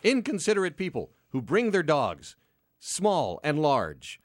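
A man's voice: fairly high pitch, wildly swooping pitch, measured pace, no echo, clean studio sound. A man hosting a casual chat show, wry and a bit hesitant. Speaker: host.

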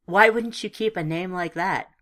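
A woman voicing a light, friendly young woman on a date in an audiobook, low voice. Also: moderate pace, a bit bright, natural voice.

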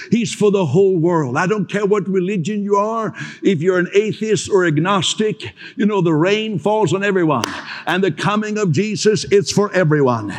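A man preaching a proclamation sermon, slowing down to stress key phrases and softly acting out what listeners might say. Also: high-pitched. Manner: proclaiming, slows for emphasis, mimics listeners softly. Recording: hall reverb.

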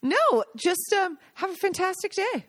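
A woman co-hosting a podcast in casual chat, excitable and laughing often. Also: very high-pitched, unhurried, no echo, clean studio sound. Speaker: podcast co-host.

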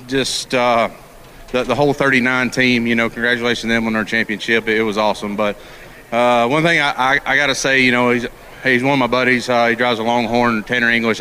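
A man talking at the track just after winning a race, a little out of breath, halting and restarting often. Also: medium pitch, pushed and bright, slight background noise. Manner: halting, many restarts and thank-yous. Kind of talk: post-race victory interview. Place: outdoor racetrack.

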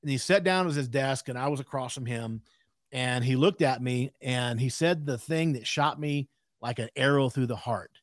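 A man's voice: medium pitch, normal speed, no room sound, studio quality. A man in his sixties, a podcast guest telling a candid story in an emphatic way with frequent asides.

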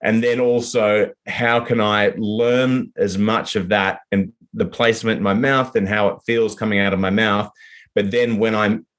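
An Australian man speaking in a fairly low voice in a relaxed interview. He rambles through his answers, full of fillers, restarts and loose asides. He sounds like an actor talking about his work. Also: measured pace. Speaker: actor guest. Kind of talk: casual interview.

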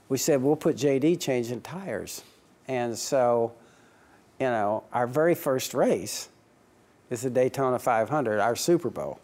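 Darkish in tone and medium in pitch, the voice belongs to a man who seems like a team owner. He chuckles his way through anecdotes, acting out the dialogue from old conversations on both sides.

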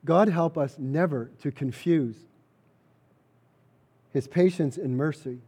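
Pastor, male, earnest sermon delivery, mellow tone, emphatic repetition. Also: fairly high pitch, slow pace, slightly rough.

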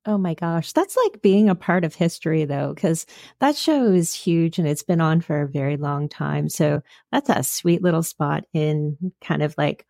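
Woman podcast host, low gravelly fry voice, excited and filler-heavy, dry sound. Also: normal speed, dry recording. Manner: enthusiastic, uses many fillers. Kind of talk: casual interview chat.

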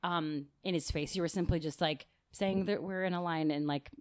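A woman co-hosting a podcast in casual chat, chatty and swearing, quick to back up her partner. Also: fairly low pitch, steady tone, a little mellow. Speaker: podcast co-host.

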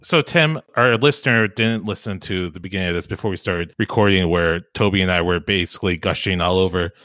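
A man's voice: deep voice, brisk, fairly bright tone, no echo, clean studio sound. A man hosting a casual podcast, introducing guests with a playful, jokey manner. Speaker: podcast host. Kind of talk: casual chat.

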